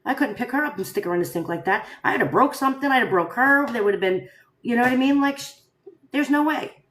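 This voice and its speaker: Speaking quickly in a voice on the high side, a woman runs a casual live stream. She addresses the audience head-on with lively rhetorical questions, and the room echoes around her.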